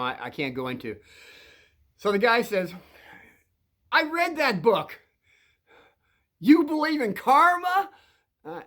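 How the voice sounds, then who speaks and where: Telling kids wandering, anecdotal stories, this host in his sixties keeps restarting his sentences and chuckling along the way. His voice leans high and sounds a bit bright.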